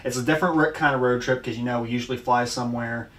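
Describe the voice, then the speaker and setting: A man's voice: medium pitch, fairly even intonation, quick pace, a bit bright. A man co-hosting a casual podcast, asking a coach questions and giving short affirming replies. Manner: brief affirming backchannels, easy laughs. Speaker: podcast co-host, interviewer. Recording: distant mic with faint background noise.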